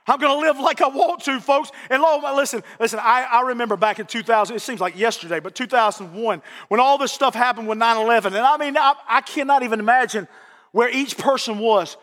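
A man preaching a sermon in a church with passion, repeating phrases for emphasis and rising to shouts at the peaks. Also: extremely high pitch, a little fast. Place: church sanctuary. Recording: long reverb of a church hall.

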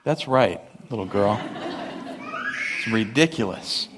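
A man preaching a sermon, animated, asking rhetorical questions and acting out the voices of complainers. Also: lowish voice, slow pace, noisy background. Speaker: pastor.

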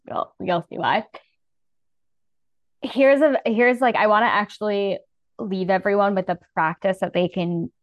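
With the highs cut off but no echo, a medium-pitched woman talks listeners through a breathing practice. Her manner is soothing and heartfelt, casual in tone, and she says "like" again and again.

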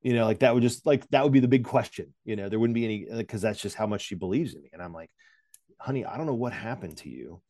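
A man's voice: on the low side, racing, few pauses, mellow, dry recording, clean studio sound. A man in his forties talking candidly in a casual interview, rambling with many fillers and restarts and joking at his own expense. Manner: self-deprecating humor. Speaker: podcast guest.

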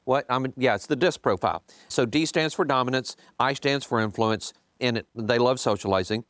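A man, leading a team meeting and commenting casually on a book, emphatic and animated, jumping high in pitch to stress points. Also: brisk, dry recording.

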